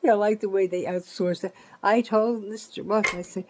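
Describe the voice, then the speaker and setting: A woman's voice: medium pitch, steady tone, moderate pace, a little mellow, low-quality recording. An older woman, rambling through a profane, indignant complaint vlog full of restarts. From New Jersey, USA. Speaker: vlogger.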